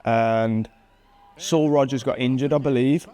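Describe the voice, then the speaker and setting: A man in his thirties, an MMA fighter, casually commentating on his own old fight footage with animated excitement and frequent chuckles. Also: mid-range voice, unhurried. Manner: animated, chuckles at himself, bursts of excitement at big moments. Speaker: MMA fighter and channel host.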